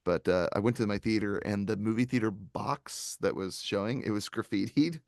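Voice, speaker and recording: A man's voice: lowish voice, a little fast, dry recording, clean studio sound. A man co-hosting a movie review podcast, telling long stories in casual chat with many fillers and restarts. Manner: rambling, animated storytelling with frequent fillers. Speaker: podcast co-host.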